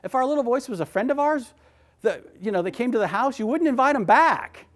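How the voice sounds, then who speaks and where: A man giving a motivational talk, animated and emphatic, often repeating his words. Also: very high voice, brisk. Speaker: motivational speaker.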